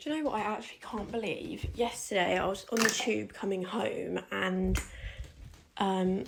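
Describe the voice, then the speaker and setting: A woman's voice: mid-range voice, moderate pace, gravelly, noisy background. A young woman casually telling a personal story, chatty with lots of filler "like"s. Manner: chatty, many "like"s, acts out quoted lines.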